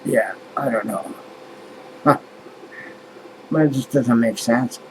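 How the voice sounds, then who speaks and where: A man's voice: mid-range voice, slow, background noise. A man musing aloud in a casual vlog monologue, rambling and swearing as he grumbles about things that irritate him. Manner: rambling, profane, exasperated musing. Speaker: vlogger.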